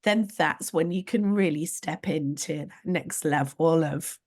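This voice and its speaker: A woman's voice: low-pitched, a little slow, darkish tone. A British woman hosting a podcast, talking candidly and with a self-deprecating, chatty manner. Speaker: podcast host. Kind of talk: conversational podcast chat.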